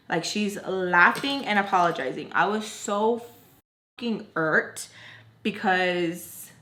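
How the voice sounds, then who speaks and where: A woman's voice: medium pitch, a bit bright. A young woman telling a story in a casual, candid way, with lots of fillers and free swearing. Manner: candid, chatty, swears freely, many fillers. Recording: roomy echo.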